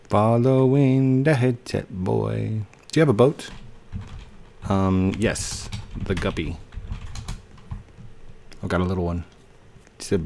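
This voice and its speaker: A gaming YouTuber delivers playful, chatty commentary on the game he's playing, talking to himself along the way. His voice is low and darkish in tone, with a breathy edge.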